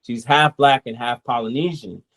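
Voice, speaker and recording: Brief: male comic creator, mid-pitched, loose rambling interview talk. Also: normal speed. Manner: relaxed, rambling, quotes people in asides. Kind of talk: casual interview chat.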